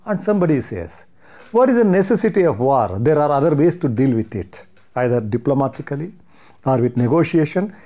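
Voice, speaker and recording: A man's voice: a little high, warm tone. A man with an Indian English accent, giving an impassioned monologue full of indignant rhetorical questions and hesitant restarts. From Karnataka, India. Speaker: commentator.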